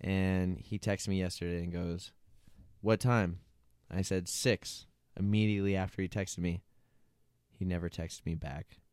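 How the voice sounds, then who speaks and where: A man's voice: low voice, little pitch movement, normal speed, dark tone, clear, resonant tone, no echo, studio quality. A young man co-hosting a podcast in casual chat, joking, swearing and laughing a lot. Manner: laughing, swearing, jokey banter. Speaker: podcast co-host.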